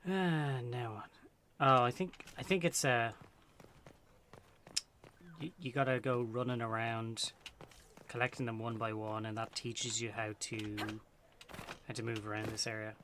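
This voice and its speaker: A young man streaming a game and talking casually to chat, excitable and swearing freely in his asides. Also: mid-range voice, unhurried, pauses often, a little hiss or hum. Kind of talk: casual gameplay commentary.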